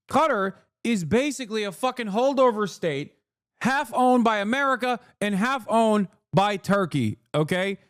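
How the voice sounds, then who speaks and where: High-pitched man ranting, profane. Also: no echo, clean studio sound. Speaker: streamer host. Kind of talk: live stream reaction commentary.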